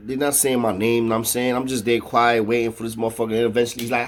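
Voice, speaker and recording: A man with a medium-pitched voice and little pitch movement talks fast with few pauses while telling a long story loosely and casually. He's full of slang and swearing and keeps checking in with "know what I mean."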